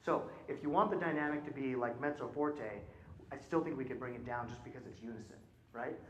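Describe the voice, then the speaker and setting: Slight background noise accompanies this roomy concert-hall recording of a man coaching a choir. Medium-pitched and brisk, the clinician asks many questions and regularly checks in with "right?"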